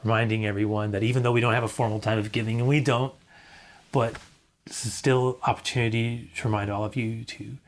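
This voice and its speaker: A middle-aged man preaches in an earnest pastoral tone. He repeats his key lines and now and then falls almost to a whisper. His pitch sits in an ordinary middle range for a man. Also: flat delivery, fairly quick. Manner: earnest, repeats key phrases, drops to a near whisper at times. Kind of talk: sermon.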